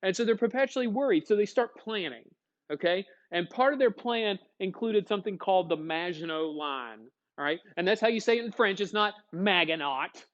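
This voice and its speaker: In a brisk, lively classroom lecture, a male history teacher with a somewhat high voice keeps things folksy and conversational, frequently stopping to quiz his students. The audio is muffled and lo-fi.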